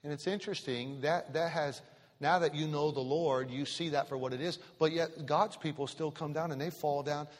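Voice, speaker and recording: A man's voice: on the high side, fairly even intonation, normal speed. A man preaching a sermon as pastor, emphatic and repetitive, asking the congregation direct questions. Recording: reverberant church hall.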